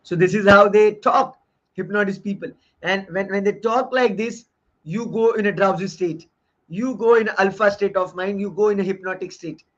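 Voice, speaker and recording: Man with a high voice, earnest lecturer who repeats key lines, on dull lo-fi audio. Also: moderate pace, fairly bright tone. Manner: earnest and explanatory, often repeating phrases. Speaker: course lecturer reviewing a book. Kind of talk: online lecture.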